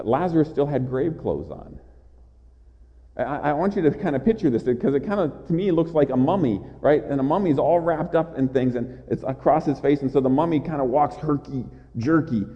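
A man preaching a sermon in an earnest way, with small stammered restarts and rhetorical questions. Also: medium pitch. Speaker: pastor. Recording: dull audio with long hall reverb.

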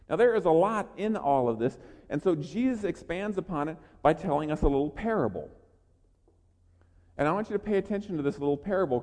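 A man preaches an energetic, earnest sermon, often repeating his words as he presses a point. His voice sits high for a man. It carries with the long reverb of a church sanctuary. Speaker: pastor. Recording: long reverb of a large hall.

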